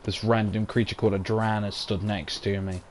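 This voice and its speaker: Sarcastic British gamer muttering commentary. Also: male voice, on the low side, little pitch movement, moderate pace, slight background noise. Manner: sarcastic, swears, talks to himself. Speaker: gamer commentating his playthrough. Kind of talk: casual let's-play commentary.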